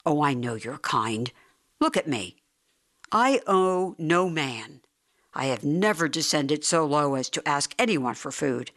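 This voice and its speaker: Brief: reader putting on a smug, prosperous bully of a homeowner, gruff and lecturing, mid-pitched storybook voice. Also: animated, slow pace, fairly bright tone. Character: prosperous, self-righteous man, bullying homeowner.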